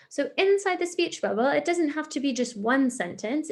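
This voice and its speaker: A woman's voice: high-pitched, expressive, normal speed, slight background noise. A woman, a primary school teacher giving a recorded online lesson to young children, patient and encouraging as she explains step by step.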